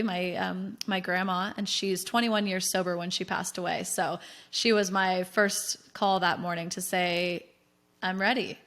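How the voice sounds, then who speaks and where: Chatty American woman telling her story. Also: mid-range voice. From United States. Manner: chatty, animated, frequent fillers and laughs. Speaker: podcast guest. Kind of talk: candid interview storytelling.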